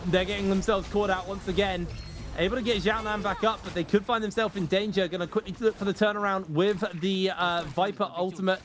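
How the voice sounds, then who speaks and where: High-voiced male esports caster. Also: fairly quick, music in the background. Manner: energetic, rambling, self-correcting. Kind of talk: live esports play-by-play commentary.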